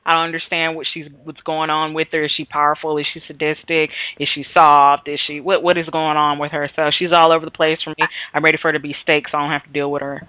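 A woman's voice: low-pitched, level tone, fast, hardly any pauses, no room sound. A woman co-hosting a casual TV recap chat, with blunt, opinionated quips. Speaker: podcast co-host. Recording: tinny phone-line sound.

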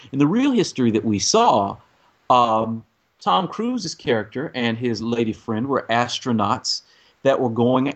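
A man co-hosting a casual film chat, giving long rambling explanations of a movie's story. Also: mid-range voice.

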